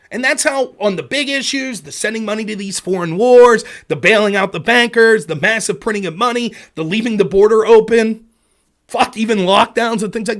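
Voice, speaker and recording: A man with a strikingly high voice hosts a political stream from a home setup. He rants heatedly, swears often and slips into mocking sarcasm. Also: fairly bright tone. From Pennsylvania. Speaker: political livestream host. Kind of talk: profane political rant.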